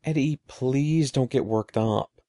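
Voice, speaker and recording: A man voicing a young girl, an older sister who calms and gently teases her little brother. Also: medium pitch, slow, no room sound, clean studio sound. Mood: reassuring. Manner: reassuring, gently teasing.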